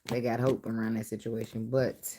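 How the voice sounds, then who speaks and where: Woman tarot reader, very deep voice, blunt and profane, noisy home recording. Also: level tone, moderate pace. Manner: blunt, profane, laughs often. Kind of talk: casual tarot reading.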